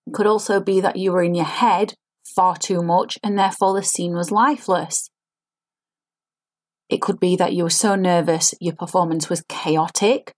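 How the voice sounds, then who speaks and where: Earnest woman acting coach. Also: on the low side. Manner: earnest, explanatory, demonstrates line readings. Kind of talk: spoken lesson to camera.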